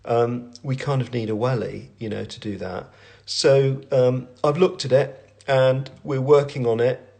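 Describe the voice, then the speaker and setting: A man's voice: medium pitch, steady tone, measured pace, creaky, darkish tone. A middle-aged man answering questions in a casual live stream from home, rambling and self-deprecating, with lots of fillers and restarts, on a phone at arm's length. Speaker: brand owner and creative director hosting a live Q&A. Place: at home, with family in the room.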